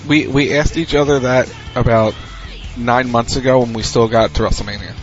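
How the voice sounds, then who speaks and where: A man's voice: mid-range voice, fairly even intonation, normal speed, soft background music. Male co-host, dry and offhand, muffled web audio. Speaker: podcast co-host. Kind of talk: casual wrestling recap.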